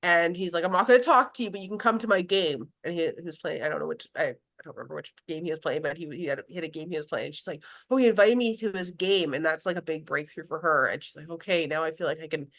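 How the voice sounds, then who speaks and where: A woman's voice: low voice, fast talker, hardly any pauses. A woman who works as a grief specialist, talking casually in an interview with many restarts, fillers and laughs.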